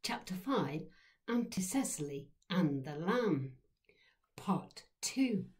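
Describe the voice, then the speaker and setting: Author reading her memoir; unhurried and animated, gentle storyteller. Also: fairly low pitch. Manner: gentle, slow, lively storytelling. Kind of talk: storytelling narration.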